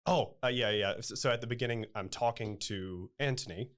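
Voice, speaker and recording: A man's voice: medium pitch, brisk, fairly bright tone. A man stage actor talking in an interview, thoughtful and hesitant with many fillers. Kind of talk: casual interview chat.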